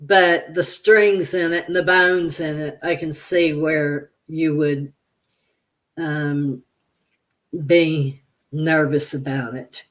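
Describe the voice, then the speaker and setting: A woman's voice: low-pitched, steady tone. A woman reading tarot on a livestream, chatting casually with viewers and telling meandering stories. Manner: chatty, reads viewer comments aloud and answers them; slow, meandering storytelling.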